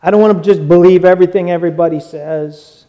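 A man preaching a sermon as pastor, swinging from loud exclaiming to hushed words. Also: high voice, fairly even intonation, quick pace, dull audio.

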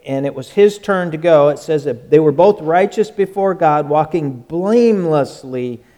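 Male pastor, folksy and joking, a slightly higher voice, casual conversational sermon. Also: animated, moderate pace, mellow. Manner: folksy and joking, with many restarts.

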